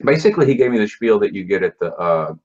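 Talking fast, this interview guest tells his personal story casually and bluntly, swearing and restarting with lots of fillers. His voice is on the low side and darkish, swinging widely in pitch, captured in dull lo-fi sound.

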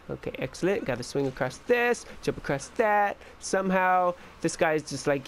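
A gaming channel host chats excitedly through a casual let's-play, answering the game back as he goes. His voice is high-pitched and moves at a moderate pace, with slight background noise in the recording.

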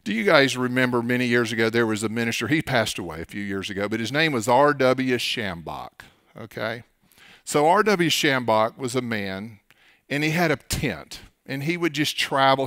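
Oklahoma pastor guy preaching, middle-aged, smooth resonant voice, gets loud and punchy on his points. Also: mid-range voice, no echo, studio quality. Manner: emphatic preaching with sudden loud rises. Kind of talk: sermon.

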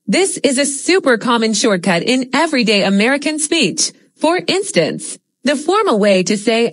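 A woman's voice: high voice, no echo. A woman teaching English in a scripted lesson narration, explaining steadily and reading out example phrases.

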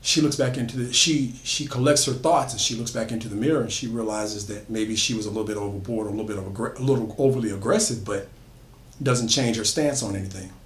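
A man retells a horror story loosely and conversationally, filling it with frequent fillers and restarts. His voice is fairly low and steady in tone, and he speaks fast. The recording has an echoey room sound.

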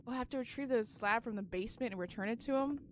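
A woman's voice: on the high side, fast, soft background music. A young woman commenting on a horror game as she plays, easily spooked, shrieking, swearing and laughing nervously. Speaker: gaming video host.

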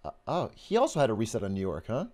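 A man's voice: lowish voice, huge pitch swings, fast, darkish tone. A young man livestreaming a video game speedrun, talking casually, laughing often, swearing, and bursting out in frustration. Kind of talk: live gameplay commentary.

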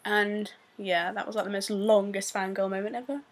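A young woman with a British accent, telling a story to camera in a rambling, excitable way full of fillers. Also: medium pitch, moderate pace. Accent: British English. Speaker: vlogger.

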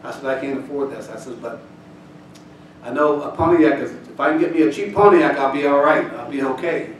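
A man preaching a sermon, telling a folksy personal story before building to loud, shouted scripture reading. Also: medium pitch, brisk, a little hiss or hum. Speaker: pastor. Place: church sanctuary. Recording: echoey church hall, distant mic. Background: congregation responses, room ambience.

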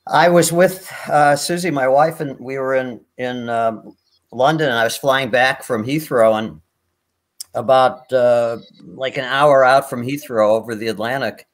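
A man's voice: mid-range voice, measured pace. An older man, a guest performer on a video call, telling anecdotes in a rambling way with many restarts. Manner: rambling, many restarts, laughs at own stories. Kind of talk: anecdotal storytelling.

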